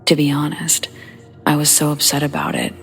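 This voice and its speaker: A woman with a low, gravelly voice narrates true horror stories for a podcast. She keeps her delivery hushed and slips into half-whispers, with faint music under her. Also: big pitch swings, normal speed. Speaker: podcast host reading listener stories. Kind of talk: scripted horror story narration.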